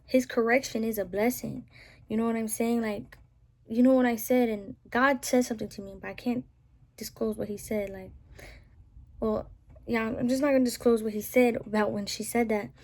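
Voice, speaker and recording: A woman's voice: fairly high pitch, steady tone, normal speed, a little mellow. Chatty Southern woman ranting to camera. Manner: chatty, rambling, full of "like" and "you know what I'm saying". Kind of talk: casual rant to camera.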